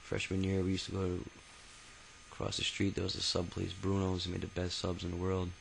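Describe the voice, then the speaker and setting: A man's voice: low voice, completely flat delivery, a little fast, gravelly, slight background noise, rough recording. A man telling his own life story in a casual, rambling way, swearing freely and stopping often for fillers and restarts. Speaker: autobiography narrator. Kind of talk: casual spoken memoir.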